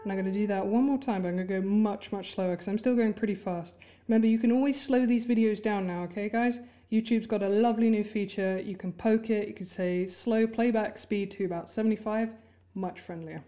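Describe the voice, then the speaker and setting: A woman's voice: mid-range voice, a little fast, warm tone. A woman teaching an instrument lesson, friendly and encouraging, counting and chanting rhythm words as she plays. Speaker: music teacher. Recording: music playing under the voice.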